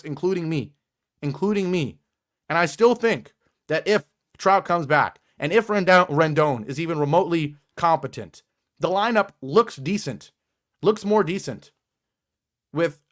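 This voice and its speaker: A young man with a fairly high voice, hosting a sports podcast and ranting in exasperation as he reads viewer comments aloud. He grows louder and higher when he gets worked up, with plenty of filler ums between points. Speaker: podcast host.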